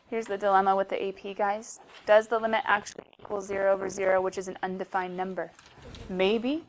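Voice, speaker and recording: A woman teaching a math class speaks with a medium-pitched, fairly bright voice. Her lecture is chatty and playful, and she often talks to herself while working through problems, with faint background noise in the recording.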